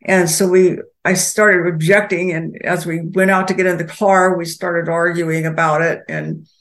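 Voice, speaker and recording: An older woman telling a personal story as a guest, halting, with many pauses and restarts. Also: fairly low pitch, little pitch movement, a bit bright.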